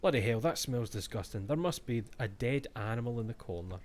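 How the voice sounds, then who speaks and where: A man's voice: medium pitch, fast talker, hardly any pauses, darkish tone. A man with a Scottish accent giving casual, jokey commentary while playing a game, reading its text aloud and swearing often. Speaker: let's-play streamer.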